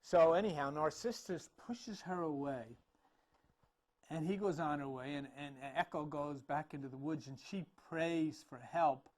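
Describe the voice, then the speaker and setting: A man with a high voice retells an old myth while pointing out paintings. His delivery is casual and conversational, full of restarts and the odd chuckle. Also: measured pace. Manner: chatty, laughs and restarts, conversational fillers. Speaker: speaker telling a myth about paintings. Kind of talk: casual storytelling talk.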